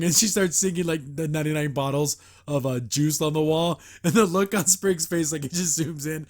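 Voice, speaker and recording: Male host, somewhat high-pitched, rambling casual recap, filler-heavy, laughs often. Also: moderate pace. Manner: chuckles often while recapping. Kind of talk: casual episode review.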